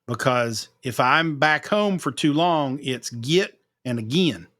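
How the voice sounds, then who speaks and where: A man's voice: mid-range voice, expressive, slow pace, a bit bright, no echo, clean studio sound. A man with a slight Appalachian twang hosting a podcast in a folksy, self-deprecating way that is full of laughs. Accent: Eastern Kentucky Appalachian, slight twang. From Appalachian mountains. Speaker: podcast host and broadcaster. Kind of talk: casual chat.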